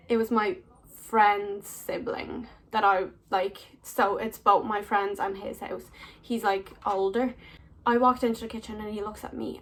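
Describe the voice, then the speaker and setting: A young woman casually telling stories to camera, chatty and full of "like" fillers. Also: fairly high pitch. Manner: chatty, many "like" fillers, laughs often. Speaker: vlogger. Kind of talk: casual storytelling.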